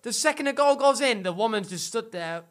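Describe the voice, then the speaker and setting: A man's voice: very high-pitched, a little fast. A man hosting a casual podcast, telling a story with lots of swearing and acting out what other people said. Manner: animated storyteller, swears freely, acts out other people's lines. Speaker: podcast host. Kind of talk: boozy casual podcast chat.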